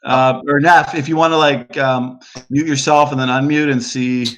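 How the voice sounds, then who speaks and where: A man's voice: mid-range voice, level tone, moderate pace, fairly bright tone, a little hiss or hum. Laid-back man moderating a call. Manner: laid-back, joking, filler-heavy. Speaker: debate moderator. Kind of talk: casual moderating. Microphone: video call audio.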